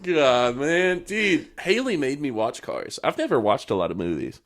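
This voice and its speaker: A man's voice: a little high, very animated, normal speed. A young man with a Southern US accent, a guest on a podcast, telling rambling stories and laughing often. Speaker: podcast guest, country singer. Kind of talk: casual podcast chat.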